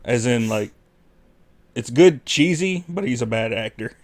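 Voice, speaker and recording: A man's voice: medium pitch, expressive, measured pace. A man co-hosting a podcast, adding short, dry comments in casual chat. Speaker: podcast co-host. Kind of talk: casual movie-review chat.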